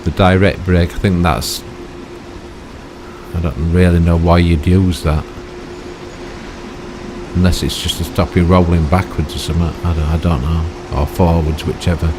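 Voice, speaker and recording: A man's voice: low voice, flat delivery, normal speed, pauses often, noisy background. An older man giving rambling, chatty commentary on his own gameplay, full of tag questions and self-mocking asides. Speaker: gaming YouTuber.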